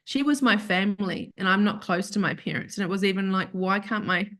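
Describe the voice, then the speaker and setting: Woman, podcast guest, heartfelt storytelling, rambling and self-correcting, mid-pitched voice. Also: brisk, fairly bright tone. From Australia. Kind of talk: emotional personal storytelling.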